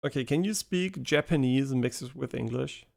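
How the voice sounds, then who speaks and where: A man's voice: medium pitch, normal speed, gravelly, darkish tone. A male game streamer chatting casually on a live stream, swearing and laughing as he teases a voice assistant. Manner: profane, laughing, teasing a voice assistant.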